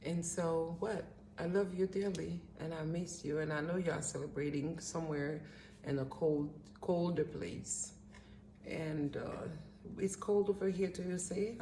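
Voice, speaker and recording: A woman's voice: deep voice, gravelly, warm tone, a little hiss or hum. A woman with a Haitian accent, speaking in a heartfelt personal holiday video message who often repeats and restarts her phrases. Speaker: pianist. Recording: roomy echo, faint instrument.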